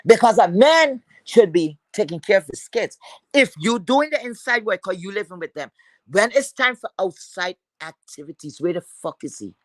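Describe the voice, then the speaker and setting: A woman's voice: mid-range voice, animated, moderate pace, no echo. Heated, profane woman ranting on livestream. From Philadelphia. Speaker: livestream host.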